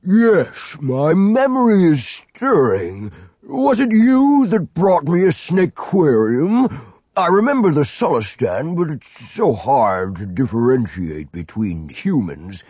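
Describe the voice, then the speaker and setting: Guy doing a cold old slug boss, super slow and swoopy, dark husky voice, dry lo-fi sound. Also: on the high side, sing-song, no echo, voice pushed up, heavily acted. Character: cold, suspicious old slug lord, the uncle. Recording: dull dry lo-fi audiobook recording.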